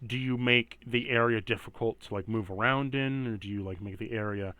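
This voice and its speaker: A man's voice: on the low side, steady tone, fairly quick, sharp tone, no room sound. A man running a tabletop game as game master, explaining items in a loose, rambling way with many fillers.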